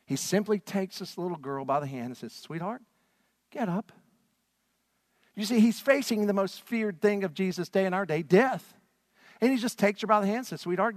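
Guy preaching, kinda high voice, goes big then quiet, dry close sound. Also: dry recording. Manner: dramatic preaching, swinging from loud to hushed. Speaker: pastor. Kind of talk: sermon.

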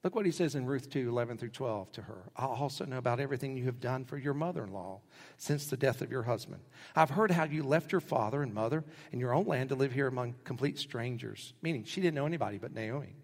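Middle-aged pastor guy preaching, husky voice, long echo off a big hall, acts out the quotes. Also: fast talker. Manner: animated storytelling, acts out quotes with big pitch jumps. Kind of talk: sermon.

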